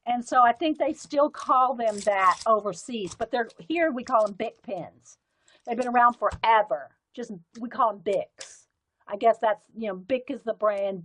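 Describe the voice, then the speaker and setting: A woman's voice: on the high side, dry recording, low-quality recording. Chatty woman sorting pens. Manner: chatty and rambling, talks while sorting pens. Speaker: livestream host. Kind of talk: casual live-stream chat.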